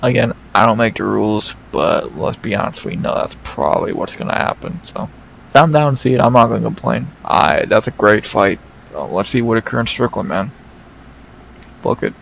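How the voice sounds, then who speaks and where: A man hosting an MMA fight recap in a casual, excited way, swearing often and repeating himself. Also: lowish voice, moderate pace, vocal fry, a little hiss or hum, rough recording.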